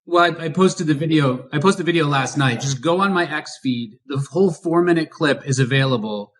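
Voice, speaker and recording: A political podcast co-host speaks emphatically and poses rhetorical questions. His voice is a little high and his pace brisk.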